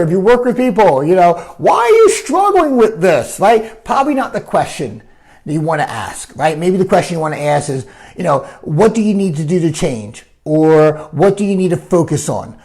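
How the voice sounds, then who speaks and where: Animated male life coach, lively pitch. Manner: animated, keeps asking "right?", acts out quoted voices. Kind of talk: live coaching talk answering viewer comments.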